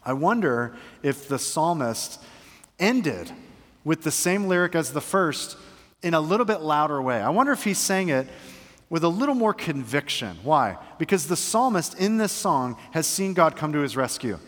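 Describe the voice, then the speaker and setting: Middle-aged male preacher, slightly high voice, earnest delivery, church hall with long reverb. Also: sing-song, normal speed. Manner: earnest preaching, swings from hushed to emphatic. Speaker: pastor. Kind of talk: sermon. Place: church sanctuary.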